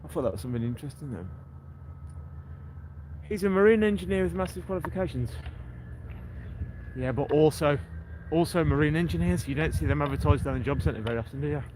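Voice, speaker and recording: On a seaside breakwater, an English man runs a casual walking livestream, chatting to viewers by name. His voice is a little high and brisk, broken by long pauses, with a noisy background around him.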